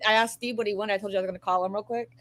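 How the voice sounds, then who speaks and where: A woman's voice: medium pitch, steady tone, racing, background noise. A woman chatting casually, teasing the others and rambling through anecdotes. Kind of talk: casual chat.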